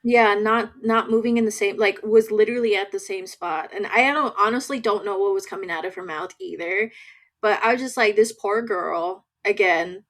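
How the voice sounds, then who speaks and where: A woman's voice: mid-range voice, fairly quick, a bit bright. Give me a woman co-host in casual chat, musing thoughtfully and trailing off mid-thought. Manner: thoughtful, speculative, trails off and restarts. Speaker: podcast co-host. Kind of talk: casual chat recapping a horror film.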